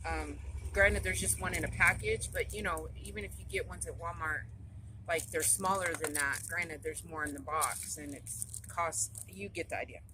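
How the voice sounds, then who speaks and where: A woman's voice: deep voice, moderate pace. Chatty middle-aged woman in a car. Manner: rambling, chatty storyteller. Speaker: vlogger. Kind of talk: casual chat to camera. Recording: noisy car phone recording. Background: road and vehicle noise.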